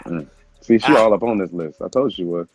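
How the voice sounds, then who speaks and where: A man's voice: deep voice, brisk, dry recording. A man in casual chat with friends, laughing often as he reads out food lists from a book.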